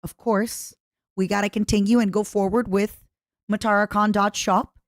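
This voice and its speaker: A woman's voice: mid-range voice, level tone, normal speed, no echo, clean studio sound. A woman streamer chatting casually as she reacts to a video, rambling and plugging merch.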